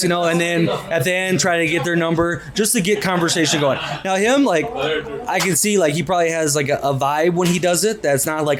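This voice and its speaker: A man's voice: on the high side, fairly quick. A man in his twenties on a casual podcast, giving blunt dating advice in a coaching tone, swearing and ending points with "okay?". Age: 20s. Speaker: podcast co-host.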